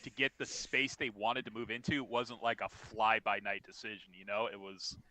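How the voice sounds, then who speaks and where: A man's voice: fairly low pitch, level tone, normal speed, sharp tone, poor audio. A man co-hosting a casual chat podcast, reasoning aloud in a laid-back way with some swearing. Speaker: podcast co-host.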